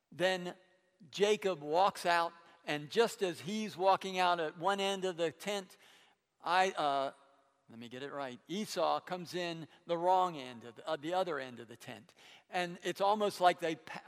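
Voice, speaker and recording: A man preaching a sermon, retelling a Bible story in a conversational way, with stammered restarts and animated quoting. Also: a little high, unhurried, in a large hall.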